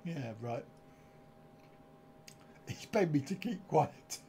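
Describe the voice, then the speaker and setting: A man's voice: a little high, expressive, slow pace, mellow, a little hiss or hum. Chuckling man hosting a live stream. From United Kingdom. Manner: jokey, chuckling banter. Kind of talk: casual live-stream chat.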